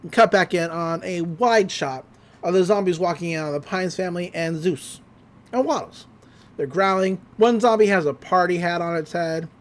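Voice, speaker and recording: A podcast host giving a casual episode recap, telling it with lots of laughter and quick character voices. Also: medium pitch. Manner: animated storytelling, laughs often, slips into character voices.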